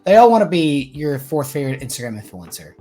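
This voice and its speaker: A man in his twenties co-hosting a podcast, chatting casually in a blunt, swearing, animated way. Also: fairly high pitch, quick pace, faint music behind. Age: 20s. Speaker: podcast co-host. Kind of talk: casual chat.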